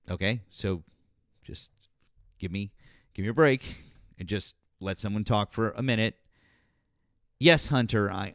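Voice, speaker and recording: A man hosting a political live stream and talking with callers, halting and full of restarts. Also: on the low side, dry recording, clean studio sound. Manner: halting, many restarts and fillers.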